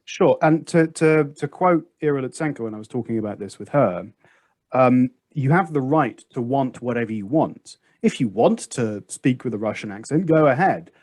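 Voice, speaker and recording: A man hosting a casual podcast discussion, making his points emphatically and acting out past conversations with lively storytelling. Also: mid-range voice, moderate pace, no echo. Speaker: podcast host.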